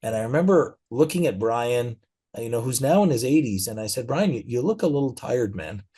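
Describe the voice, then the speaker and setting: A middle-aged man speaking as a guest in a conversational interview, telling stories in a relaxed way with frequent fillers. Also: medium pitch, brisk, husky.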